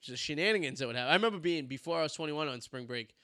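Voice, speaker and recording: Podcast co-host, man, 30s, rambling crude storyteller, slightly high voice, dry close mic. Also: expressive, rapid-fire, pushed and bright, no room sound. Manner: crude, laughs often. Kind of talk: casual chat.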